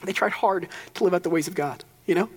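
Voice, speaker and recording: A man's voice: high voice, quick pace, slightly rough, long reverb tail. A young man preaching a sermon as pastor, casual and conversational, with joking asides.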